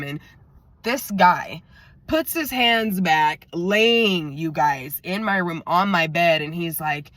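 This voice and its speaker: A woman's voice: fairly low pitch, measured pace, a bit bright, dry recording. A woman vlogger telling a story in a chatty way, talking straight to her viewers and acting out what was said. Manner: chatty, addresses viewers directly, acts out quotes. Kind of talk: storytelling vlog.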